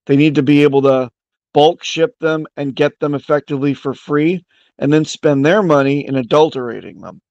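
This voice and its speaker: A man's voice: on the high side, moderate pace, a little mellow, dry recording, highs cut off. Opinionated man on a dry close mic. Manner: opinionated, explains at length with restarts. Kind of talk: casual voice-chat discussion.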